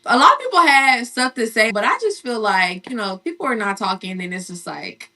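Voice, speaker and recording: Bright-voiced woman co-host, chatty. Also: a little high, lively intonation, fairly quick, distant mic. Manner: chatty, emphatic, repeats phrases. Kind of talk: casual sports and celebrity chat.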